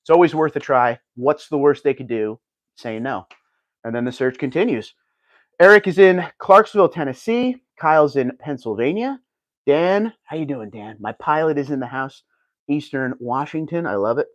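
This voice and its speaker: A man's voice: a little high, lively intonation, moderate pace, dry recording. A man hosting a casual livestream, chatting and reading viewer comments aloud. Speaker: livestream host reading chat.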